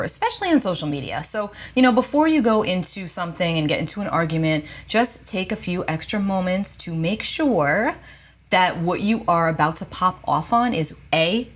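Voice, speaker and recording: A woman with a low, steady voice talks straight to her viewers. She gives gentle spiritual advice in a casual, reassuring way. She often stops to check in with a soft "okay?". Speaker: astrologer and psychic.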